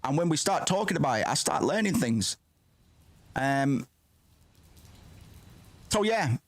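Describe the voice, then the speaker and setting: Excitable rambling man, dry sound. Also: on the high side, measured pace, no echo. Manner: rambling, excitable, swears often, self-interrupting. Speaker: streamer reacting to a film. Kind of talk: casual reaction commentary.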